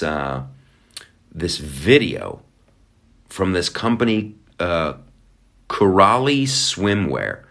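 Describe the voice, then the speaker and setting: A deep-voiced man talking through his own podcast in loose, rambling chat. His pitch swings widely as he drifts into sarcastic, playful asides. A guitar is heard faintly behind him. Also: very animated, slow, pauses often, fairly bright tone. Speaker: podcast host. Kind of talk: casual solo podcast talk.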